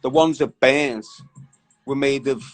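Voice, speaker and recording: A man's voice: medium pitch, unhurried, rough recording. A young man hosting a casual live stream, bantering with viewers in a slangy, chatty way. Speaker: livestream host.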